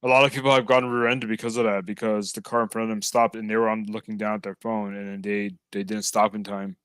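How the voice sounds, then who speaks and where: Man chatting casually, smooth and close. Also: fairly low pitch, little pitch movement, fast talker, a bit bright, no room sound. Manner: rambling, with frequent fillers and restarts. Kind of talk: casual chat.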